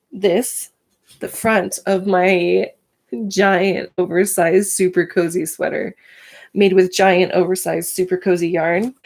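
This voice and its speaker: A woman's voice: medium pitch, darkish tone. A woman hosting a casual live stream, chatting to viewers by name, full of filler words, and in pain today.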